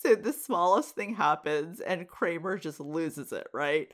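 Chatty, animated woman podcast host. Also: fairly low pitch, slow. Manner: chatty and animated, laughs often, asks listeners direct questions. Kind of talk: casual monologue podcast.

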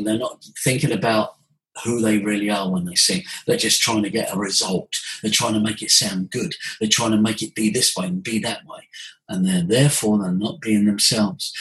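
Animated man coaching voice. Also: on the low side, poor audio. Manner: animated, demonstrates vocal sounds. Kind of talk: conversational teaching.

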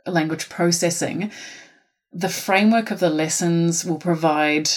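A woman's voice: lowish voice, a little slow. A woman with a New Zealand accent, a teacher answering podcast questions in a careful, explanatory way with frequent ums. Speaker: phonics intervention teacher, guest.

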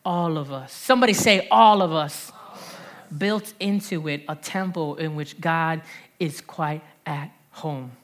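Preaching with a deep voice at a measured pace, a New Jersey woman in her thirties leads a spirited sermon. As pastor, she leans on call-and-response and phrases said again and again.

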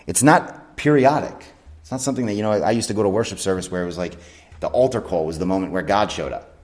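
A male pastor preaching a sermon in a church, earnest, leaning on slow emphatic phrases and sometimes stumbling and correcting himself. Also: fairly low pitch. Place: church sanctuary.

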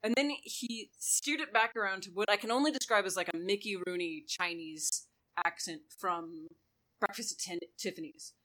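Woman podcast host, bright clear tone, chatty and animated, keeps doing little quote voices. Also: mid-range voice, normal speed, rough recording. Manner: animated storytelling, fond of mock quotes. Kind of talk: casual podcast chat.

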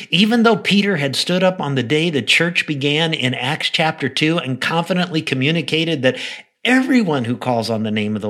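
A man preaching a devotional podcast message, telling a story with animated delivery. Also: on the high side. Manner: animated storytelling, acts out quoted voices; soft, prayerful close. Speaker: pastor.

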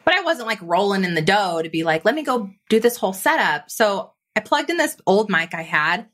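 A woman guest on a podcast, a business coach, telling her story in a lively conversational way and acting out her own thoughts in quotes. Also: mid-range voice. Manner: animated, fast-flowing, quotes her own inner voice.

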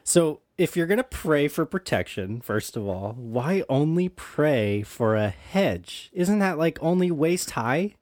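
A man's voice: fairly high pitch, very animated, measured pace, few pauses, a little mellow, no room sound, studio quality. A man hosting a casual podcast chat, easygoing and heavy on fillers like "like" and "you know". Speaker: podcast host.

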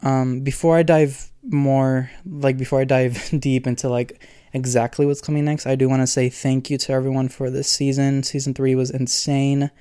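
A man's voice: mid-range voice, little pitch movement, moderate pace, dark tone, clear, resonant tone, no echo, studio quality. A man hosting his own podcast, talking alone in an earnest, rambling way with many fillers. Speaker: podcast host. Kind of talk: casual solo podcast talk.

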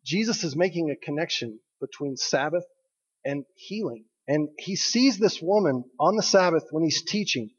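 In a dull recording with lengthy hall reverb, a pastor with a high, husky voice delivers a sermon. His tone is chatty and humorous, and he asks the congregation questions.

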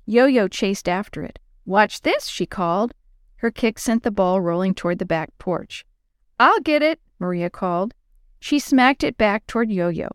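A woman reading a children's story aloud, expressive and sing-song. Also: medium pitch, dry recording, studio quality.

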